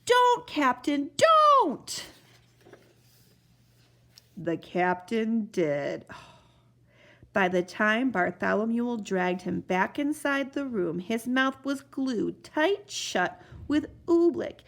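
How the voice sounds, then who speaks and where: A woman's voice: mid-range voice, slow pace, vocal fry. A woman expressively reading a children's storybook aloud. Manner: expressive, animated narration.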